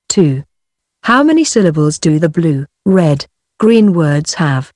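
A woman narrating a pronunciation textbook's audio, reading instructions slowly and deliberately. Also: sits low, big pitch swings, darkish tone, no room sound, studio quality.

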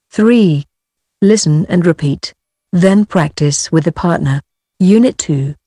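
A woman narrating a pronunciation textbook's audio, reading instructions slowly and deliberately. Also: low voice, warm tone, dry recording, clean studio sound.

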